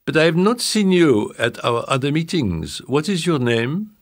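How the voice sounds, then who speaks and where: A man voicing an elderly, grand French woman heavy with jewels, with a French accent and a high, affected manner. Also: very animated, normal speed, no echo, clean studio sound. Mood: curious.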